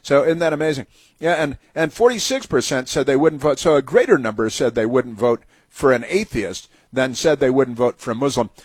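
A man's voice: medium pitch, brisk, husky, dry recording. A man hosting a talk show, giving an indignant, sarcastic monologue full of fillers and restarts. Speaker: radio talk host. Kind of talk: opinionated talk radio monologue.

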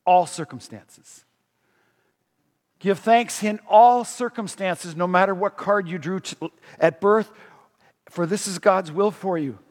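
A middle-aged man preaching to a congregation in a high, light voice. He keeps it conversational and often throws questions out to the listeners, and a long hall reverb trails every word. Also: unhurried. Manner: conversational, asks the audience questions. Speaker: pastor. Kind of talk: sermon.

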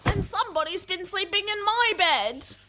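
A woman's voice: extremely high pitch, lively intonation, normal speed, bright, forceful tone, slight background noise, pitched above the performer's own voice, exaggerated voice. A woman voicing a fussy mama koala in a storybook reading, with a whining, cooing manner. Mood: whiny.

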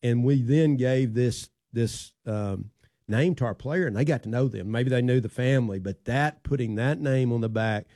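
A man's voice: medium pitch, normal speed, dry recording, clean studio sound. A man hosting a casual conversation, telling folksy stories and interviewing a guest. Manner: folksy, loose storyteller who drifts softer at phrase ends.

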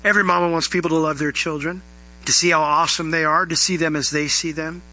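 A man's voice: fairly high pitch, fairly even intonation, quick pace, pushed and bright, low-quality recording. A male pastor giving a conversational sermon, acting out little bits of dialogue as he explains scripture.

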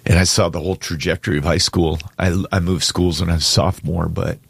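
A man's voice: sits low, fairly even intonation, fast, creaky, breathy edge, no room sound. A man on a morning talk show, telling a heartfelt story in casual chat and choking up with tears as he goes. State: tearful. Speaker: radio show co-host.

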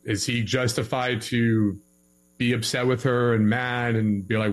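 A man talking through relationship advice in a relaxed, conversational way. He gets animated and acts out both partners in a quarrel, and his voice sits in a middling pitch. A faint mains hum sits under the recording. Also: normal speed. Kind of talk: casual podcast conversation.

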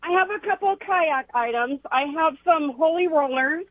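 A man's voice: extremely high pitch, expressive, moderate pace, dry recording. A man calling in to a radio swap show, joking and chatting casually. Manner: joking, friendly. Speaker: caller. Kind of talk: casual call-in chat. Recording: dull lo-fi phone line.

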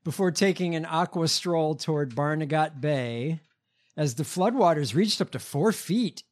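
A man's voice: fairly high pitch, a little slow. A man hosting a casual show, reading news headlines with many ums and uhs. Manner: hesitant, filler-heavy, reads stiffly. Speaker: podcast host reading headlines. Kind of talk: casual chat, reading news stories aloud.

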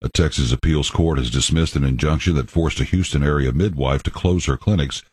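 Male radio anchor with an extremely low, husky voice; dry, matter-of-fact news read. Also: brisk, no echo. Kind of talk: scripted news reading.

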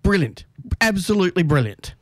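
A man's voice: high voice, very animated, brisk, no room sound, studio quality. A man co-hosting a comedy podcast, full of sarcastic mock praise. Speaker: podcast co-host.

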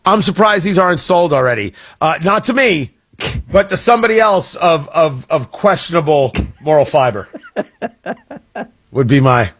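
Radio host, man, high lively voice with a husky edge, joking and quick to interrupt himself. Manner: wry, joking, self-interrupting. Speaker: radio talk show host. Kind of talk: casual morning radio chat. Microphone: studio microphone.

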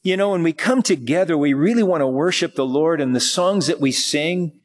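A man's voice: on the high side, moderate pace. A man teaching verse by verse from the Bible, reading passages and then explaining them in a conversational way. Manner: conversational, with fillers and small laughs. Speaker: pastor.

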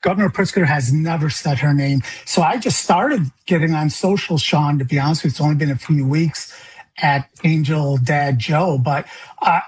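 Impassioned grieving father, raspy phone line. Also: on the high side, moderate pace. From Illinois, United States. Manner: impassioned, stammering restarts, voice rising in anger. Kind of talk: radio interview.

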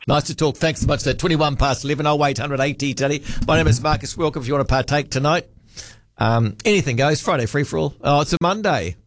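Fast-talking New radio host. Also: male voice, a little high, dry recording. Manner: quick, chatty, stumbles over repeated words. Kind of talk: casual talkback radio hosting.

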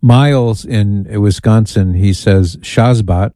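A man's voice: lowish voice, slow pace, dark tone, no room sound. A man hosting a call-in radio talk show, chatty and amused as he reads listener emails aloud. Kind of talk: casual call-in radio chat.

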